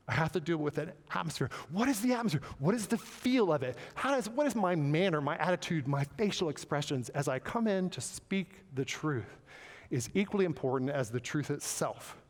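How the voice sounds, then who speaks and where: A man preaching in a church sanctuary, his fairly high voice ringing out with a long reverb from the hall. He speaks earnestly and stumbles over repeated words as he hunts for the right phrase. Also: lively intonation, a little fast. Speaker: pastor. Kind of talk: sermon.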